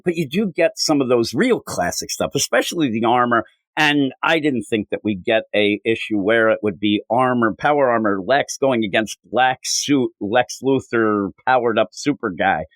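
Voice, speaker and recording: A man's voice: mid-range voice, dry recording, low-quality recording. A man co-hosting a podcast, reviewing comics in casual chat and acting out characters' lines. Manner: animated, acts out characters' lines in quick voices. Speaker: podcast co-host.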